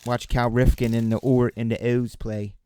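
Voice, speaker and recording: A man voicing a loud, exaggerated Baltimore local guy with a Baltimore accent, brash and chummy, calling people "hun". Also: medium pitch, little pitch movement, normal speed, smooth, no echo, lightly acted. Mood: brash, folksy.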